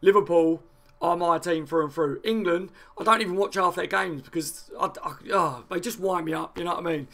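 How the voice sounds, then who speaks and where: A man hosting a football fan channel, chatting fast and excitedly and answering viewer comments with frequent laughs. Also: a little high. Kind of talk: live fan chat reacting to viewer comments.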